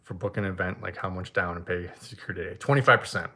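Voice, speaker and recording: A man's voice: low voice, quick pace. A young man who runs an event rental business, answering live viewer questions and telling stories animatedly. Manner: animated storytelling, acts out shouting in quotes. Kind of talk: live Q&A, casual storytelling. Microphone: single mic, standing.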